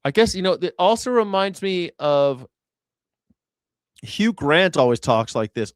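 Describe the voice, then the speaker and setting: A man hosting a live reaction stream, riffing and joking in loose, rambling commentary. His voice comes through smooth and crisp, recorded dry and close with no room sound. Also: sits high, sing-song, unhurried, long pauses, no room sound. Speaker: host.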